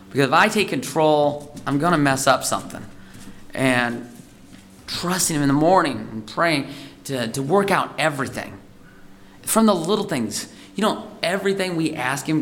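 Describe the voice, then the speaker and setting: A man's voice: a little high, fairly bright tone, a little hiss or hum. A man giving an informal, conversational sermon as a lay preacher, rambling and heartfelt. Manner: conversational, rambling, gets emotional.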